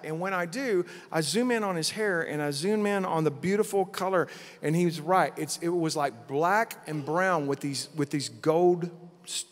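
A middle-aged man preaching at a conference, telling a vision story with lively acted-out quotes. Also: fairly high pitch. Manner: animated storytelling, acting out quotes. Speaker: pastor. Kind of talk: conference sermon testimony. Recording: long hall reverb.

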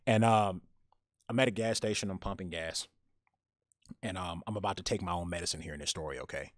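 In a relaxed podcast conversation, this male co-host spins an animated story, often starting over mid-sentence. He speaks a little fast in a low register. The sound is dry and studio-grade.

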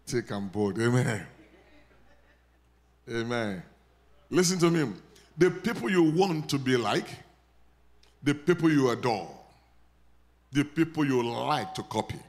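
A man with a Nigerian accent preaching a sermon, leading his congregation in call and response and rising to loud prayer declarations. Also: a little high, expressive, unhurried, pauses often. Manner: builds to loud declarations when praying over the congregation. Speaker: pastor.

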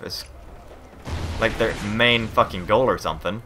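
Low, slow-talking man ranting over gameplay. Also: bright, forceful tone. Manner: frustrated, swearing rants. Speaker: gamer. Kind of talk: live gameplay commentary. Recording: game noise clearly behind.

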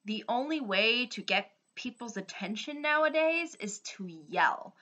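A woman's voice: fairly high pitch, pushed and bright. A woman vlogger giving her opinion in a casual, earnest ramble, often restarting her sentences.

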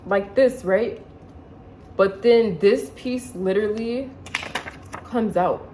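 A young woman chatting casually in her living room, excitable and slangy, as a vlogger showing clothes. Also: mid-range voice, takes it slowly, slight background noise, rough recording. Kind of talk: casual haul video chat.

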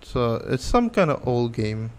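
A man's voice: medium pitch, very animated, unhurried. A man giving casual let's-play commentary on a horror game, nervous, jokey and profane, rambling as he goes. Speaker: gameplay channel host.

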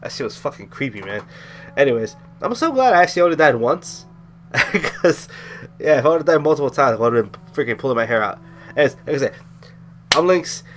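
A man's voice: mid-range voice, very animated, a little fast, slight background noise. Profane laid-back man recapping a game. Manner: profane, loose and rambling. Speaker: gaming commentator. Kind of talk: let's play commentary.

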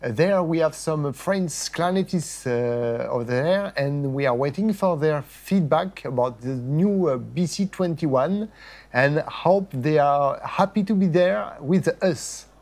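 A man's voice: a little high, unhurried, a little mellow. Hesitant man hosting a livestream. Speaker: host of a product launch livestream.

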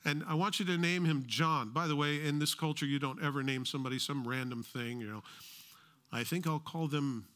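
A man's voice: a little high, pushed and bright. A middle-aged American man preaching a sermon as pastor, conversational with joking asides.

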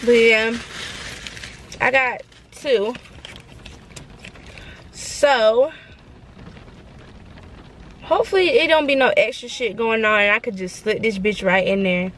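A woman's voice: on the high side, slow pace, long pauses, a bit bright, a little hiss or hum. A young woman, vlogging casually and chatting straight to her viewers in a bubbly, slangy way, recorded on a handheld phone. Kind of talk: casual vlog chat to camera.

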